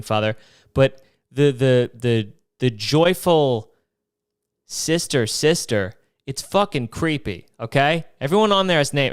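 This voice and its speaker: A man hosting his own podcast, rambling through past episodes in a joking, animated way and swearing freely. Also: mid-range voice, smooth. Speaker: podcast host. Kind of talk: rambling solo podcast monologue.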